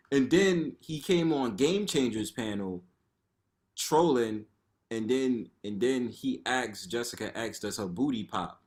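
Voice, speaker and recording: A man's voice: medium pitch, slow pace. A man chats casually on an online panel in a medium voice that swings widely up and down. He jokes in slang and acts out his own reactions. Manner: expressive and joking, slangy, quotes himself in reaction voices. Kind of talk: casual chat.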